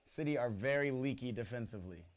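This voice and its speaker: A man hosting a live football watch party stream, reacting excitedly and chatting casually to viewers in slang. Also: medium pitch, quick pace. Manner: excitable, slangy, exclaims at goals.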